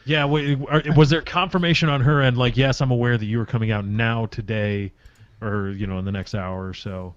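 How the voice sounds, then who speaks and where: A man's voice: medium pitch, fairly even intonation, a little fast, clear, resonant tone. A man co-hosting a podcast in casual banter, asking dry, slightly sarcastic questions. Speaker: podcast co-host. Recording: dry muffled podcast mic.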